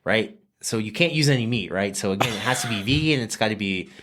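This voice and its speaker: A man from New Mexico, a guest chef, telling a story in a casual, animated podcast chat with frequent fillers. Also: lowish voice, quick pace.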